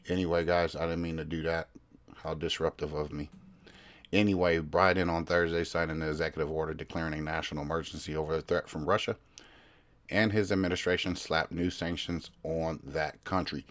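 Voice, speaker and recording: A man hosting his own podcast, reading news articles aloud and commenting in a casual, rambling way, often stopping to search for his place. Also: very deep voice. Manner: rambling, self-interrupting, reads articles aloud. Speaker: podcast host.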